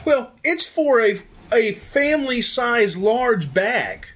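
A man's voice: very high voice, sing-song, takes it slowly, sharp tone. Rambling storytelling podcast man. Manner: rambling storyteller, acts out quotes, swears casually. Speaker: podcast co-host telling stories. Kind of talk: casual chat.

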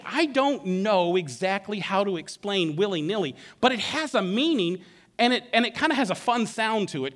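A middle-aged man preaching a sermon, telling the story in a playful, animated way with frequent restarts. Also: high voice. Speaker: pastor.

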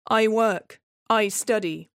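A woman's voice: mid-range voice, takes it slowly, no echo, clean studio sound. A woman voicing a petty, self-righteous male neighbour who speaks in stiff, aggrieved, slightly broken phrases.

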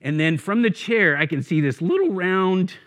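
A man preaching in an animated, storytelling way. His voice sits a little high and swings widely in pitch as he acts out moments of the story. He talks casually to the congregation. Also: moderate pace. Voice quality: bald. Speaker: guest preacher, church network director. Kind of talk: sermon with storytelling.

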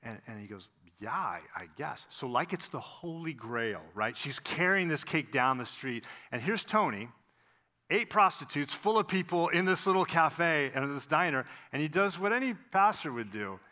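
Lively, bright-voiced man preaching. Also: a little high, normal speed. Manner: animated storyteller, acts out quoted voices. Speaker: pastor. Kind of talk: sermon with storytelling.

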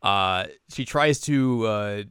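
A man casually recapping an anime episode, acting out the characters' lines in high squeaky voices. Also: takes it slowly, fairly bright tone, smooth, no echo, clean studio sound. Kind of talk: casual reaction chat.

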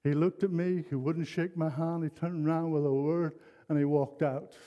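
A man's voice: a little high, fairly even intonation, normal speed, lo-fi sound. An older man preaching a sermon, telling a personal story in an earnest, rambling way with many restarts. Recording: long hall reverb.

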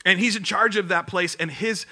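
A man's voice: sits high, normal speed, bright, forceful tone. A man giving a sermon as a pastor, telling the story casually and acting out the voices in quotes.

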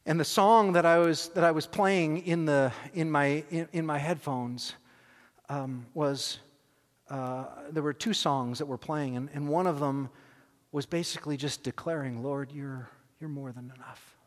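Animated preacher man in an echoey hall. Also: fairly high pitch, unhurried. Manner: animated, acts out scenes, self-deprecating humor. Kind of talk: sermon storytelling.

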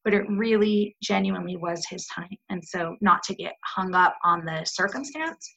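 Woman, 30s, podcast guest; gravelly, slightly husky voice, reflective and full of restarts, muffled lo-fi sound. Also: fairly low pitch, normal speed, fairly bright tone. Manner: candid, reflective, many fillers and restarts. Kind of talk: personal conversation about grief.

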